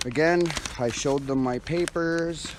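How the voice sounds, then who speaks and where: A man's voice: fairly high pitch, slow pace. Breathless man streaming from a noisy street. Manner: rambling, with frequent fillers and restarts. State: out of breath, sighing. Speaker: live streamer. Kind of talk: casual live-stream chat. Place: outdoors on a frosty night street. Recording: street noise and passing traffic.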